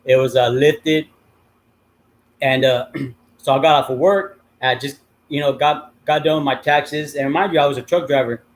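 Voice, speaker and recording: A man's voice: mid-range voice, fairly even intonation, moderate pace. A middle-aged man telling a long story in a casual, rambling way, swearing freely and filling gaps with many ums and uhs. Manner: profane, rambling with many fillers. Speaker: livestream host.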